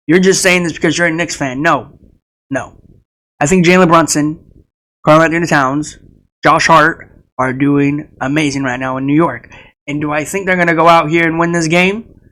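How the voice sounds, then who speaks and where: A man with a bright, fairly high voice gives casual basketball predictions. He rambles, fills gaps with ums and repeats himself, and he turns to address players and fans directly. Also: poor audio. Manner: rambling, with fillers and repeated phrases. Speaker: sports video creator. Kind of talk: casual sports prediction talk.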